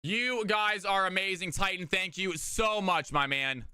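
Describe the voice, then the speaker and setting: Energetic male stream caster, crisp resonant voice, dry and close. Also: sits high, unhurried, no room sound. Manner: hyped, energetic hype-man delivery. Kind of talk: live game-stream casting.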